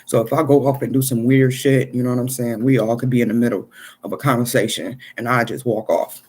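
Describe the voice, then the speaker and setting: Casting: man, husky mid-pitched voice, profane street storyteller, loose and conversational. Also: fairly even intonation, fairly quick, a little mellow. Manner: street slang, profane, repeats "you know what I'm saying". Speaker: storyteller recounting an experience. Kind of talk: casual storytelling monologue.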